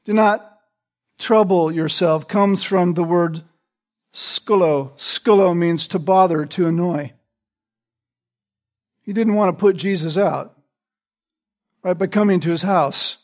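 A man's voice: high-pitched, takes it slowly, pauses often. A man preaching an expository sermon, explaining verses word by word and often checking in with "right?" along with small restarts.

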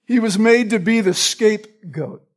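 A man's voice: high voice, unhurried. A man preaching a sermon. He quotes scripture by chapter and verse and stresses key phrases by repeating them.

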